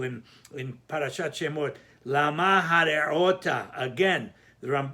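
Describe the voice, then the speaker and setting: Bright-voiced man teaching scripture grammar. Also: a little high. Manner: careful, repeats words and restarts while explaining. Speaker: Torah teacher. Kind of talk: explaining Hebrew grammar of scripture verses.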